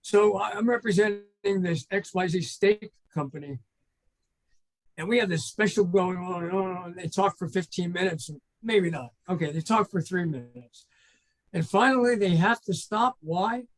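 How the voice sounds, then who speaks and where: High-voiced older man telling stories. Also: moderate pace, low-quality recording. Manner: rambling, anecdotal, acts out phone calls. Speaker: guest, trainer and consultant. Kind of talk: casual storytelling in an interview.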